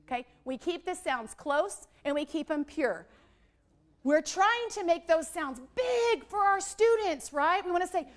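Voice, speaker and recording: A woman with a high voice leads a literacy workshop for teachers. She is middle-aged and lively as she models letter sounds for the room. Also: measured pace. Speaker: literacy trainer.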